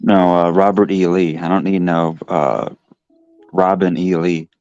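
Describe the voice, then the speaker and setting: A man's voice: sits low, level tone, a little slow, darkish tone, muffled recording. A man on a casual livestream chat who adds terse, crude interjections.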